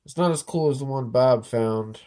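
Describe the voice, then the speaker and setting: Sitting in an office, a metal detecting vlogger with a cold walks viewers through his finds in a laid-back show-and-tell. He clears his throat occasionally, and his warm voice sits at a medium pitch and moderate pace as he jokes and drifts a bit.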